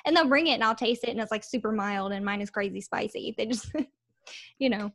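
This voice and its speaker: A woman's voice: a little high, a little fast, fairly bright tone, dry recording, clean studio sound. A young woman, a podcast guest, chatting casually with friendly laughter and small stammers. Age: young adult. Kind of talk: casual chat.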